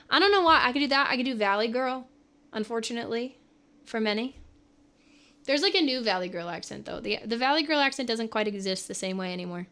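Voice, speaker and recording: A woman's voice: a little high, expressive, fast, a bit bright, clean tone. A woman from California, a livestreamer and singer, chatting casually with viewers in a rambling way and laughing often.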